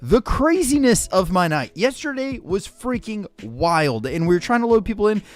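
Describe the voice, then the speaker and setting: A man hosting a livestream in casual chat, excitable and jokey, greeting viewers by name and saying "freaking" constantly. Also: sits high, normal speed. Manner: excitable, says "freaking" constantly, shouts out names; jokey and hyperbolic. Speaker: livestream host.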